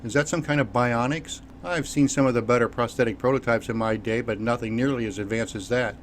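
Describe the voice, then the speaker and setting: A man's voice: mid-range voice, fairly even intonation, fairly quick, slight background noise, close to an everyday voice. A man playing an earnest, chatty engineer. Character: grateful middle-aged male engineer, talkative.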